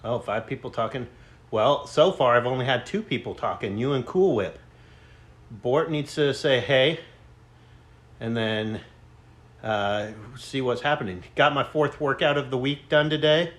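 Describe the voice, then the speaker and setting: A man's voice: mid-range voice, a little slow, a bit bright. A man live-streaming from a gym, a bit out of breath from lifting. He talks loosely and jokes with viewers, reading their comments aloud. The sound comes from a camera mic. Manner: chatty, joking, reads out chat. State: out of breath between sets. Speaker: fitness streamer. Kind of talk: casual live-stream chat during a workout.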